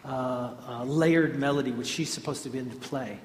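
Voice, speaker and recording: A man's voice: medium pitch, steady tone, normal speed, a little mellow, a little hiss or hum. A man giving an informal devotional talk to a group, a rambling storyteller who often restarts and corrects himself. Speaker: speaker addressing a group. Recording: echoey hall with faint ambience.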